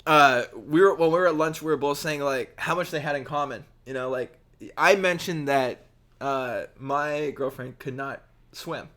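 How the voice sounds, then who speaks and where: A man's voice: on the high side, normal speed, fairly bright tone. A young man co-hosting a casual podcast chat, rambling storyteller full of "you know" and "dude". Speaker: podcast co-host.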